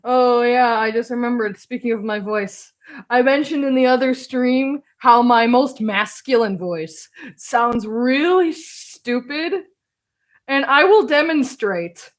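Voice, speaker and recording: A woman's voice: a little high, slow pace. A woman live-streaming while drawing, chatting casually in a self-deprecating way and laughing often.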